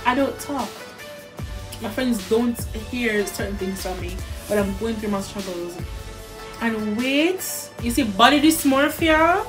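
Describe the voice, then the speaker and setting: High-voiced Jamaican young woman, candid chat. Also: a little slow, music in the background. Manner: candid, animated, slips into patois. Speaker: guest. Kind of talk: casual chat over a meal.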